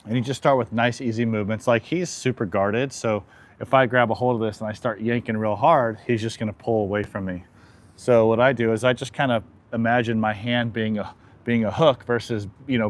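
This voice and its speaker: A man working as an equine chiropractor, calmly explaining a hands-on demonstration with a horse and softly soothing it. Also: on the low side, moderate pace.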